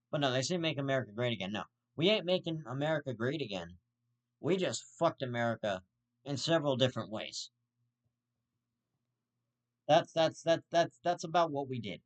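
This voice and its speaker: Man, show host, ranting commentary, profane, blunt, repetitive, mid-pitched. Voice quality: blunt, profane and repetitive, circling back to the same insult.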